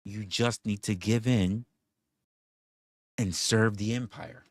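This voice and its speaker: A man's voice: on the low side, steady tone, slow pace, long pauses, no room sound. A man streaming casual banter in a mock-villainous, profane, taunting way. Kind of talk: casual stream rant, role-play banter.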